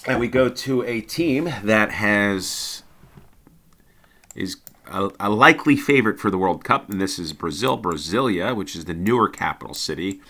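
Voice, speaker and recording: Deep-voiced man musing through a map game. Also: animated, moderate pace, bright, forceful tone. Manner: thinking aloud, hesitant with many ums. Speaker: game commentator. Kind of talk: casual gameplay commentary.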